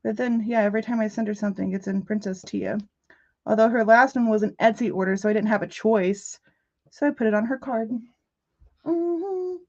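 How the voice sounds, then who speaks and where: A woman's voice: fairly high pitch, normal speed, darkish tone, dull audio. A woman hosting a casual crafting livestream from her home in the country, chatty and jokey with her viewers, often breaking into giggles. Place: rural home.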